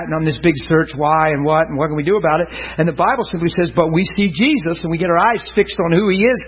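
Male preacher, high husky voice, animated storytelling sermon, muffled radio sound. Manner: animated, acts out voices and laughs often. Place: church before a live congregation.

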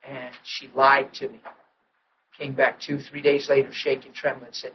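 A man preaching a sermon, telling his testimony with emotional storytelling that swings from hushed to loud. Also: medium pitch, flat delivery, a little slow, pauses often, far from the mic, muffled recording, noisy background.

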